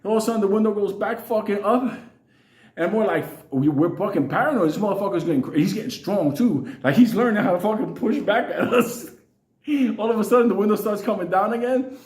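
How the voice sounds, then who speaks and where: A man's voice: high voice, lively intonation, brisk, darkish tone. A man telling a wild story, swearing constantly and laughing through his lines. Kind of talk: profane comic storytelling. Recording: echoey room.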